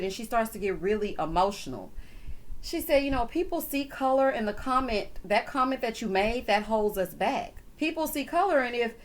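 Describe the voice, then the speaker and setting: A woman recapping a reality show in a sassy, animated chat, calling people honey and child. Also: medium pitch. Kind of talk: casual recap commentary.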